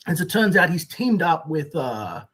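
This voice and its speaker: A man's voice: a little high, big pitch swings, a little slow, a bit bright, breathy edge. A man talking casually on a stream, rambling and hesitant with many fillers.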